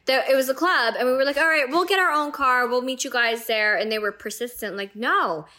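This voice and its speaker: A woman's voice: sits high, fairly quick, pushed and bright. A woman co-hosting a podcast, telling a story in an upbeat, chatty way with playful swearing. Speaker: podcast co-host. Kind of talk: casual storytelling chat.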